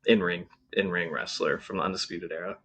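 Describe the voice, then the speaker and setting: Low-voiced man chatting wrestling casually. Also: steady tone, brisk, fairly bright tone. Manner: rambling, frequent ums and restarts. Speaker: podcast co-host. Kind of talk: casual wrestling review chat.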